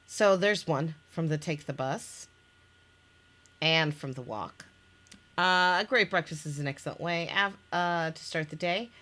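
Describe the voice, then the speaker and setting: Casually presenting her own interactive story game, a woman reads the scenes out loud, breaking into restarts and laughs. She speaks at a measured pace in a low voice that's a bit bright.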